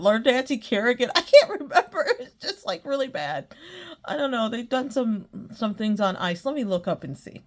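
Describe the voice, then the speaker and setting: A woman hosting her own podcast, chatting casually and rambling, often breaking into giggles. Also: fairly low pitch. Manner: rambling, many fillers. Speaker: podcast host. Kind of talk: casual solo chat.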